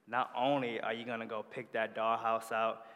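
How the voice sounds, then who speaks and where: A man playing a gentle, loving dad. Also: on the low side, level tone, normal speed, close to an everyday voice. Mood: tender. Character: gentle, loving father talking to his daughter. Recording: long hall reverb.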